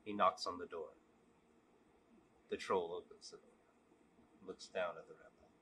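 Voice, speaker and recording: A man vlogging, telling a long joke and then talking candidly in a relaxed, casual way. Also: sits low, unhurried, a little hiss or hum. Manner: relaxed, candid, repetitive storytelling. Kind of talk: joke storytelling and casual reflection.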